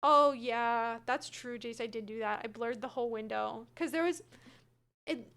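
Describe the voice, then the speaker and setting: Her voice is on the high side, clear and resonant with a fairly bright tone, at a normal speed. Streaming a game from her room with her cat, this young woman reads chat, replies to viewers by name, and hedges as she chats casually.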